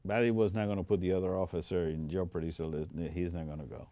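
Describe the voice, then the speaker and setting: A man's voice: sits low, level tone, fast, dark tone, no room sound. An older man with a Spanish accent and Spanish as his first language, a veteran telling stories in an interview with many restarts. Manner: recounts stories with quoted dialogue, frequent restarts. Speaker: Air Force veteran interviewee. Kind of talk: interview storytelling. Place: interview studio.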